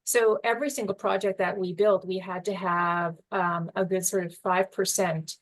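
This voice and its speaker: A woman in her sixties, a housing presenter, answering a question in a relaxed, chatty way. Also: on the low side, normal speed, rough recording.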